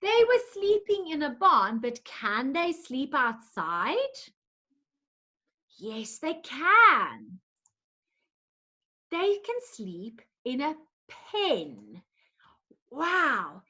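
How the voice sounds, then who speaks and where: A woman's voice: sits high, big pitch swings, very slow, pauses often, sharp tone. A woman teaching a lesson to young children in a coaxing, sing-song way, making animal sounds along the way.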